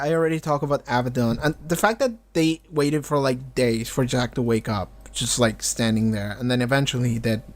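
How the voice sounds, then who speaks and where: A man talking through a TV episode in a casual reaction video, rambling with lots of fillers and freely swearing. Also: medium pitch. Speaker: TV reaction vlogger. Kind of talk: casual spoken reaction and discussion.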